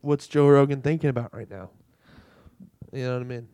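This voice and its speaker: A man's voice: medium pitch, a little fast, warm tone, clear, resonant tone, no room sound. Young man, casual chat, profane, exasperated rants, dry mic. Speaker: podcast co-host.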